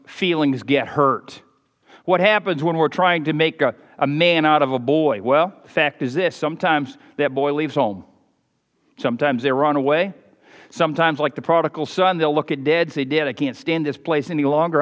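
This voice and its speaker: High-voiced preacher in a reverberant church. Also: male voice, moderate pace. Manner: fervent preaching, swings between loud emphasis and quiet asides. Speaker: pastor. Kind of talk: sermon. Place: church sanctuary with balcony.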